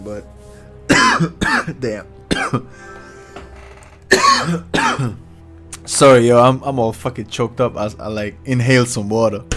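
A man giving casual, excitable, profane commentary while playing online ranked fighting-game matches. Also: lowish voice. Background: fighting game music and sound effects.

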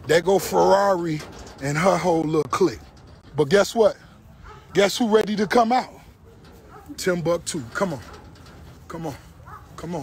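A middle-aged man chatting casually and excitedly outdoors on a farm, cooing affectionately at his animals and hyping them up in heavy slang. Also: high voice, slight background noise. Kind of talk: casual hype chat. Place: outdoors on a large farm by a gate.

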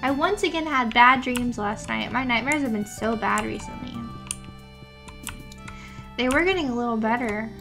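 A woman's voice: a little high, moderate pace, gravelly, long pauses. A young woman streaming a farming game, chatting playfully with her chat, using gamer slang and sounding sleepy. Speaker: VTuber streamer. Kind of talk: casual gameplay chat. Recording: game music playing behind.

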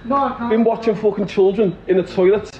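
A man's voice: high-pitched, steady tone, moderate pace, lo-fi sound. A Liverpudlian man live-streaming a street confrontation on his phone, blunt and swearing. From Liverpool, England.

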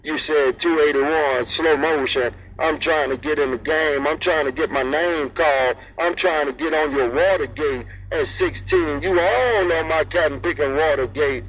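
A man's voice: on the high side, normal speed, hardly any pauses, fairly bright tone, low-quality recording. A man chatting over CB radio in a sing-song, repetitive rhythm, repeating call signs and friendly sign-offs. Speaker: CB radio operator. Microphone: CB radio handset.

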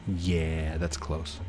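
A young man giving casual gameplay commentary, chatting to himself with sudden excited outbursts. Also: deep voice, vocal fry, a little hiss or hum. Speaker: gaming YouTuber.

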